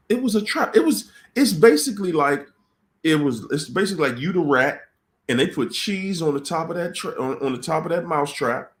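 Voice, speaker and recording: Animated man hosting a live talk. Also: on the high side. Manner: dramatic, repeats phrases for emphasis; acts out voices in quoted dialogue. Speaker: host of a live Q&A stream. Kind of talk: livestream talk on relationships.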